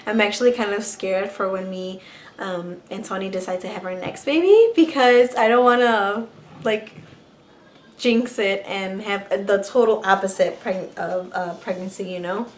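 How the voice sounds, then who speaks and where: A woman's voice: mid-range voice, normal speed, a little hiss or hum. A young woman vlogger casually telling a personal story to camera, chatty and full of fillers. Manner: chatty, many likes and ums, restarts.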